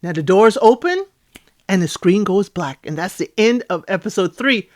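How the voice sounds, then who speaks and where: A woman at medium pitch and normal speed hosts a casual reality TV recap, chatty and animated, acting out the cast members' lines in playful voices.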